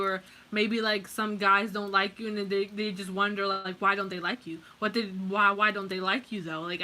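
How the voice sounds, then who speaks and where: Young female tarot reader, loose and foul-mouthed, bright tone. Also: mid-range voice. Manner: casual, profane, rambling with many fillers. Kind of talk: casual tarot reading.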